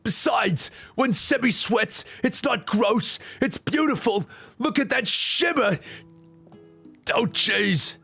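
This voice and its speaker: A man voicing an excitable young male student who stammers and gushes over his friend. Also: very high-pitched, slow pace, creaky, husky, soft background music, pitched above the performer's own voice, heavily acted. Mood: gushing. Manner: stammering, adoring, flustered.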